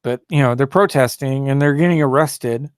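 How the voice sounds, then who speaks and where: A man's voice: mid-range voice, moderate pace, clear, resonant tone, no echo, studio quality. Indignant rambling male talk host. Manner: rambling and indignant, many fillers and restarts; mocks opposing views in a raised, sneering voice. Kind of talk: solo talk show monologue.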